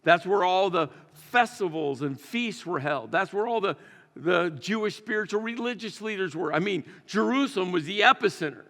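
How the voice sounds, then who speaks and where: A man's voice: sits high, lively intonation, moderate pace, a bit bright, long reverb tail. A man preaching a sermon in a conversational, storytelling way, with emphatic repetitions. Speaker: pastor. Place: church sanctuary.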